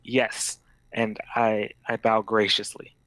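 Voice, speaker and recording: A man describing his character's actions in a tabletop role-play, slowly and with many hesitations. His voice is on the low side and sounds close and dry. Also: monotone, a bit bright, dry recording, rough recording. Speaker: player. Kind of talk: narrating a tabletop audition game.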